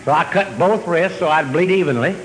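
A man telling a long comic story on stage, drawling and deadpan, then jumping up in excitement. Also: fairly high pitch, a little fast, background noise. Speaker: comedian. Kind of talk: stand-up storytelling. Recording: hall reverb with faint ambience.

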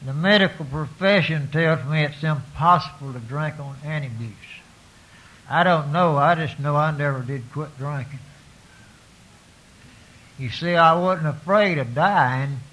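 A man's voice: a little high, a little slow, fairly bright tone, poor audio. A man tells his recovery story to an audience in a folksy, self-mocking way, full of restarts and "you know"s.

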